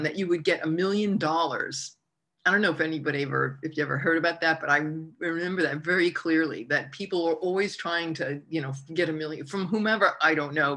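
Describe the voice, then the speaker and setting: A woman telling a personal story in a casual, animated way, full of "like" and restarts. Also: deep voice. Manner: laughs through the telling.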